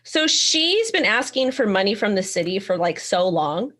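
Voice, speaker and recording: A woman's voice: medium pitch, very animated, moderate pace, a bit bright. A woman co-hosting a casual live stream, telling rambling stories with restarts and frequent giggles. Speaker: co-host.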